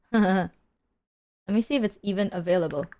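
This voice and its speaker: A woman's voice: medium pitch, warm tone. A woman streamer chatting casually with her viewers, playful and swearing freely, breaking into silly sung bits.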